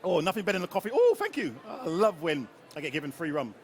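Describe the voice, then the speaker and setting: High-voiced man hosting a lively rum tasting. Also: rapid-fire. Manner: jokey, chatty, quizzes the audience. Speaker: rum ambassador leading a tasting. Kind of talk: live tasting presentation. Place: live event stage before an audience.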